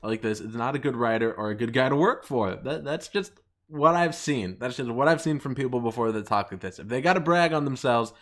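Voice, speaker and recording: A young man hosting his channel, ranting with mocking laughs and jumping into a higher voice whenever he quotes people. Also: fairly quick, a bit bright. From United States. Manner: mocking, laughing often, pitch jumping up when quoting others. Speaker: channel host. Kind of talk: ranting commentary.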